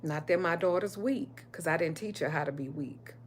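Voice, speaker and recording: Woman, middle-aged, slightly low voice, candid, emphatic, swears freely, casual livestream host. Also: normal speed, slight background noise. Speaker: spiritual reader and livestream host.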